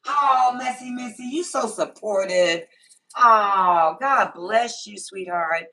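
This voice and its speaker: A woman's voice: medium pitch, slow, bright, forceful tone. A woman hosting a casual livestream, greeting viewers by name and answering the chat on her phone. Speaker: livestream host.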